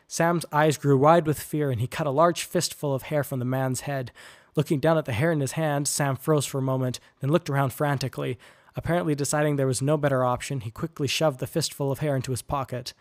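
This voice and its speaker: A man narrating a chapter of a storybook in an even storytelling manner. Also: medium pitch, brisk, no echo, studio quality. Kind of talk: audiobook narration.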